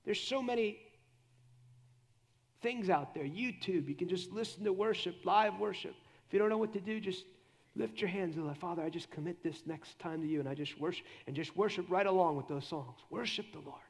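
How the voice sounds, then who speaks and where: A middle-aged man preaching at a church conference. His voice sits high and has a gravelly fry to it. He preaches with animation and drops low and quiet when he acts out prayers. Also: normal speed. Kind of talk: sermon.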